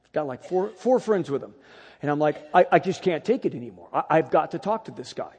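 A middle-aged man preaching a sermon, telling a personal story with animated, emphatic delivery. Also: on the high side, a little fast, slightly rough, long reverb tail. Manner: animated storytelling, rising to loud emphatic peaks.

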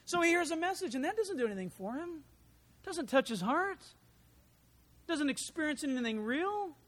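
A man preaching a sermon in an animated, conversational way, full of asides and rhetorical questions. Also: very high voice, moderate pace. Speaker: pastor.

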